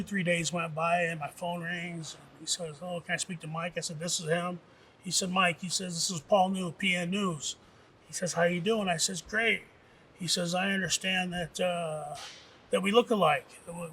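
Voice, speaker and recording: Gravelly-voiced middle-aged man telling stories. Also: on the high side, bright, forceful tone, a little hiss or hum. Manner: rambling, casual, profane, with many fillers. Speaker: former professional wrestler, interviewee. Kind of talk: documentary interview storytelling. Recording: distant mic with faint music.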